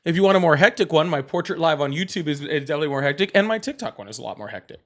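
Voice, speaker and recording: A man's voice: fairly high pitch, animated, racing, fairly bright tone. Teasing Southern man hosting a call-in stream. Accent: Southern American. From American South. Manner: blunt, teasing, laughs often. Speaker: live stream host. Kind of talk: casual live call-in chat.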